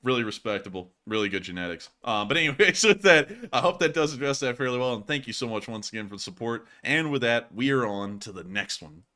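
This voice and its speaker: A man's voice: mid-range voice, expressive, fast, hardly any pauses, bright, forceful tone. A man hosting a live-streamed war news show, answering viewer questions in casual chat, laughing often and joking loosely.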